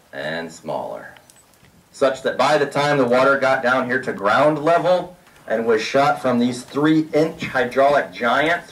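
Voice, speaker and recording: A man working as a tour guide, explaining mining history to a group outdoors with emphatic, drawn-out storytelling. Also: medium pitch, a bit bright. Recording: distant outdoor mic with faint noise.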